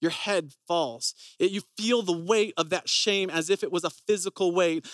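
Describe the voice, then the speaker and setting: A man's voice: high voice, a little fast, hardly any pauses, fairly bright tone, no room sound, clean studio sound. A man preaching a sermon, telling personal stories in an earnest, conversational way.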